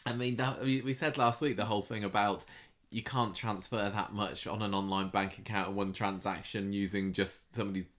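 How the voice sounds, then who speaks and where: A man's voice: fairly low pitch, fairly even intonation, a little fast, a bit bright. A man co-hosting a podcast, casually and wryly picking apart a soap opera storyline. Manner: wry and critical, laughs easily. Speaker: podcast co-host.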